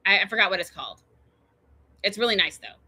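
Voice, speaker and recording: A woman's voice: medium pitch, animated, fast talker, bright, forceful tone, husky. A woman hosting her own show, telling a personal story in a chatty, meandering way full of tangents and fillers. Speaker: show host.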